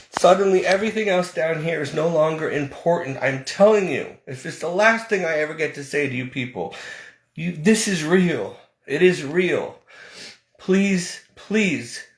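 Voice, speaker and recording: A man giving an earnest, pleading personal testimony to his viewers, halting and restarting, with nervous laughs. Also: fairly high pitch, reverberant. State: close to tears at moments. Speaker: online preacher giving testimony.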